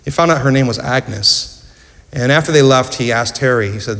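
A man's voice: mid-range voice, normal speed, a bit bright. Man preaching in church, earnest storyteller, asks the room questions, echoey hall. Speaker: pastor. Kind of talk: sermon.

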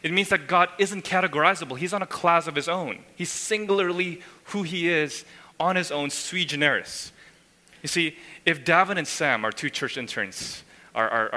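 Bright-voiced preacher in an echoing church. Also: male voice, on the high side. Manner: emphatic, frequent tag questions, voices God's words. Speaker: pastor. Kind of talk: sermon. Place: church sanctuary. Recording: long hall reverb.

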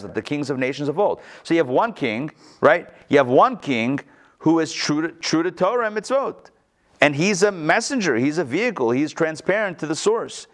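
Man teaching a lively text-study class. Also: a little high. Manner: conversational, asks the class rhetorical questions.

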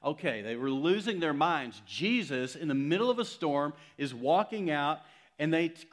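A male pastor preaching a sermon in a conversational, emphatic way, swinging from loud to hushed. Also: mid-range voice, animated, normal speed.

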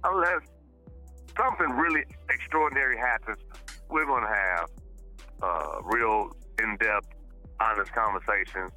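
Animated bright-voiced man on a podcast. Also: fairly low pitch, rough recording. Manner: animated, talks in bursts with repeated starts. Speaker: podcast guest. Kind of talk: casual podcast chat.

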